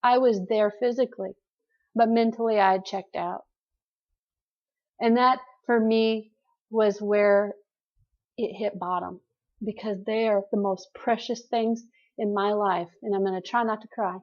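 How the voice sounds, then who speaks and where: A woman's voice: mid-range voice, steady tone, measured pace, muffled recording. A woman hosting a group call and giving an earnest, preachy motivational talk straight to her listeners.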